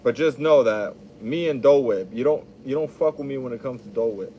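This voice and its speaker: A young man rambles through a casual, laid-back monologue, swearing freely as he goes. His voice sits at an ordinary middle pitch. A faint hiss of background noise runs under the recording. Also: brisk, lo-fi sound.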